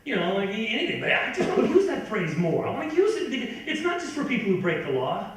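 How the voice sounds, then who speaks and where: A middle-aged man doing a stand-up comedy set in a club, ranting and incredulous, sometimes building to a shout. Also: high-pitched, wildly swooping pitch, fast. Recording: echoey club from far off.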